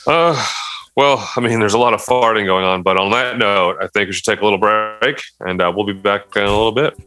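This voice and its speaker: A man's voice: lowish voice, fairly even intonation, brisk, sharp tone. A man hosting a casual comedy podcast, introducing segments and playing along with jokes. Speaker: podcast host.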